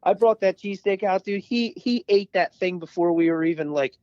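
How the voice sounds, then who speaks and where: A man with a fairly high voice chats loosely on a podcast, telling stories and swearing here and there. The sound is dry and a bit dull, recorded close. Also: fairly quick, darkish tone, smooth, dry recording. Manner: swearing, storytelling. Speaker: podcast co-host. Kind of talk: casual chat.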